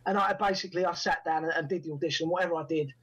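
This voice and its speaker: A man tells anecdotes at a rapid clip in a fairly high, husky voice. He slips into the voices of the people he quotes as he goes. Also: low-quality recording. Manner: animated anecdotes, acts out quoted dialogue. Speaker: actor and writer guest. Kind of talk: storytelling in a podcast interview.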